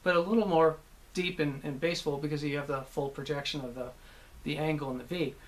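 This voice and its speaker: A man, a voice actor, casually recalling his work, rambling with many pauses and restarts. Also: a little high, fairly even intonation. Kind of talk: casual anecdotal talk.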